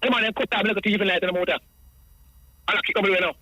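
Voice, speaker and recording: Racing through his account over the phone, a Jamaican radio caller rambles in patois and repeats the same points again and again. His voice is high, bright and sharp, with fairly even intonation. The audio is poor, dry and close.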